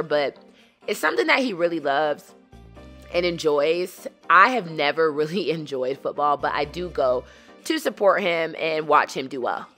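A woman's voice: deep voice, a bit bright. An American woman in her thirties, a mom chatting playfully to her viewers in a casual vlog at an outdoor youth football field. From United States. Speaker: vlogger and mom.

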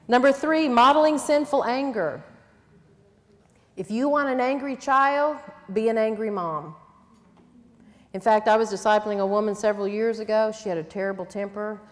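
A woman's voice: medium pitch, normal speed. Older woman preaching in a reverberant hall. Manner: earnest, plain-spoken teaching with quoted asides. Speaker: conference speaker. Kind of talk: sermon. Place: church conference hall.

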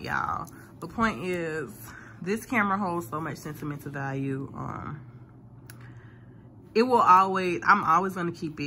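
A Florida woman in her twenties chats to the camera in a phone-recorded vlog, rambling and laughing often. Her voice is on the low side, bright and forceful, with slight background noise.

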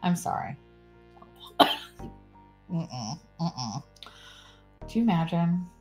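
A chatty woman with a drawl swears freely and laughs often as she chats on a live stream. Her voice sits on the low side. Faint music plays in the background. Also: lively intonation, very slow. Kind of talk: casual live-stream chat.

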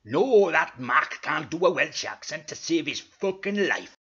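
A man voicing a grumpy bald male snail with a gruff, swearing manner and a mock Welsh lilt, on a dull lo-fi recording. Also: a little high, big pitch swings, a little slow, fairly bright tone, heavily acted.

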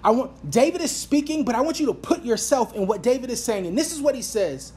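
A woman's voice: a little high, lively intonation, fairly quick, few pauses, mellow. A woman pastor preaching a sermon and praying aloud, earnest and repeating phrases for emphasis. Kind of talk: sermon with prayer. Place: church. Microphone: reading from an iPad.

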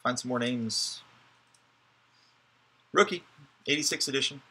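A man's voice: mid-range voice, measured pace, bright, forceful tone, husky. A man hosting a live card break, giving chatty, joking running commentary as he opens packs.

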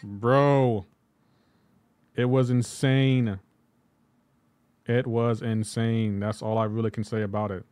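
A man's voice: medium pitch, fairly even intonation, slow pace, pauses often, a little mellow. A man live-streaming a game, chatting loosely with his viewers and filling his talk with "like". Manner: loose, chatty, talks back to viewers, lots of "like". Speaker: gaming livestreamer. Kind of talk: casual live-stream chat while playing.

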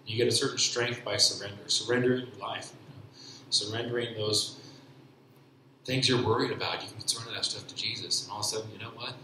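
A man giving a personal faith testimony at church, speaking haltingly with many restarts and repeated fillers. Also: fairly low pitch, steady tone, background noise. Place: church hall. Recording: very echoey church hall.

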